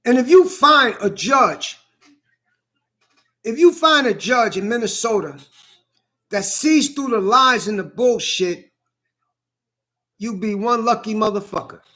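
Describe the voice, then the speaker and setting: A man's voice: extremely high pitch, animated, measured pace, pauses often, bright, forceful tone. A middle-aged man in a blunt, profane ranting monologue who hammers the same points again and again.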